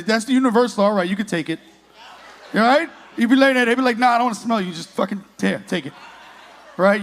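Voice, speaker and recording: Brash high-voiced man doing stand-up. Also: slight background noise. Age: 30s. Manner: brash, profane, crowd-teasing. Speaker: stand-up comedian. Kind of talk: stand-up comedy set. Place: comedy club stage.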